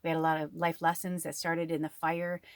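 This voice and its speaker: A woman's voice: deep voice, little pitch movement, brisk, dry recording. A woman tarot reader talking casually to her viewers, rambling and chatty with lots of fillers. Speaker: tarot reader and spiritual medium. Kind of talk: casual spiritual talk to viewers.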